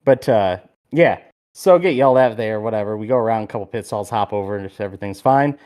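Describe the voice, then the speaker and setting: A man co-hosting a podcast, telling a story in a lively, casual way and swearing freely. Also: fairly low pitch, fast talker, clean tone. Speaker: podcast co-host.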